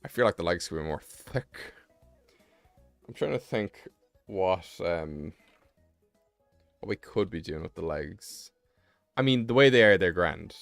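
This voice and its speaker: Low-voiced British man rambling casually. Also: expressive, a little slow, vocal fry, pauses often, fairly bright tone, no room sound, faint music behind. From Britain. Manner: rambling, self-mocking, swears freely. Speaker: streamer. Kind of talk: casual live-stream chat while drawing.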